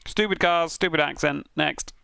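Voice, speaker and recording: A man's voice: fairly high pitch, normal speed, creaky, bright, forceful tone, smooth, no echo. A British man streaming, giving casual, sweary commentary with frequent laughs as he reviews racing crash clips. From Britain.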